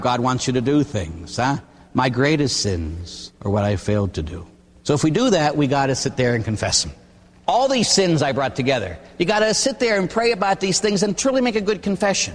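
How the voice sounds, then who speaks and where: An older man, a Catholic priest, preaching a sermon in a folksy, storytelling way with frequent "huh?" asides. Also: fairly high pitch. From Pittsburgh area. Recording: long hall reverb.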